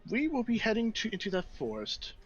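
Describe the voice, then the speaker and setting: A man's voice: high-pitched, huge pitch swings, a little fast, husky, dull audio, faint music behind, pitched above the performer's own voice, exaggerated voice. A man voicing a stern young princess in a tabletop game, firm and formal.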